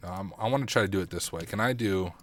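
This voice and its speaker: Male streamer, lowish voice, mutters and thinks aloud through a live lab, keyboard clatter behind. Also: fast talker, fairly bright tone. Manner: thinks aloud, self-deprecating, mutters while typing. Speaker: cybersecurity streamer. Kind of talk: casual livestream walkthrough.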